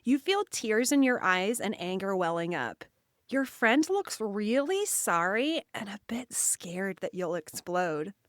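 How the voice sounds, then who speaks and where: A woman hosting and narrating an imaginative guided story and quiz for children, speaking in an expressive second-person voice. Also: mid-range voice, slow pace, dry recording, clean studio sound. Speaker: children's show host and narrator.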